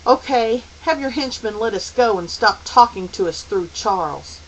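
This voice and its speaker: A woman's voice: fairly high pitch, lively intonation, normal speed, a little hiss or hum, voice pushed up, close to an everyday voice, poor audio. A woman voicing an athletic teenage boy who speaks bluntly and firmly. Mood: determined. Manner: blunt, firm.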